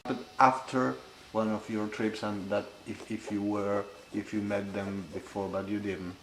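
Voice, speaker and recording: A man conducting an oral history interview asks halting questions, often restarting them, in a lowish, flat voice. The recording is in an echoey room with faint hiss.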